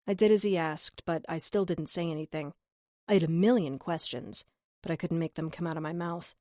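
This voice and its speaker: A woman narrating a first-person crime audiobook in a measured, earnest way on a close studio mic. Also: on the low side, dark tone, dry recording.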